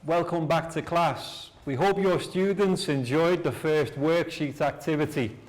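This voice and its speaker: A man teaching a class, leading slow repeat-after-me drills in a clear, encouraging way. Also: fairly high pitch, slight background noise. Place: classroom with students.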